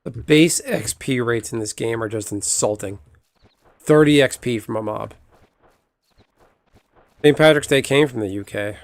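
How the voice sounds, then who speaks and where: A man's voice: medium pitch, a little slow, long pauses, dry recording. A man from the United States streaming a game, chatting casually in a rambling way and swearing now and then. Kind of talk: casual chat while gaming.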